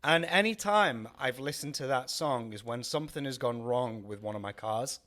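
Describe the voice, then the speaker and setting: A man's voice: medium pitch, expressive, normal speed, a bit bright. Male co-host, rambling and self-mocking, casual chat. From Wales. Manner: rambling, self-deprecating, many restarts. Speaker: podcast co-host. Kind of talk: casual chat over drinks.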